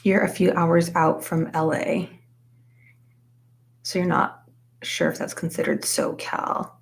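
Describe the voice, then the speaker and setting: A woman's voice: lowish voice, level tone, takes it slowly, vocal fry. A young woman live streaming, chatting casually with viewers while she crochets, with lots of "like" fillers. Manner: chatty, says "like" a lot, reads out chat names.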